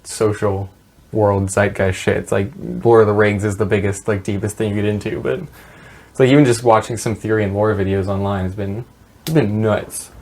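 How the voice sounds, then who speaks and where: A man's voice: on the low side, level tone, normal speed, a little mellow. A man co-hosting a podcast in casual chat, rambling and swearing as he retells stories with laughs. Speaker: podcast co-host. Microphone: podcast mic.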